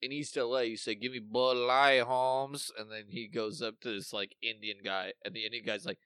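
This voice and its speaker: A man's voice: on the low side, steady tone, a little fast, bright, forceful tone, no room sound, clean studio sound. A man co-hosting a podcast in casual chat, rambling through memories, swearing freely and losing his thread. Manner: rambling, swears often, trails off mid-thought. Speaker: podcast co-host.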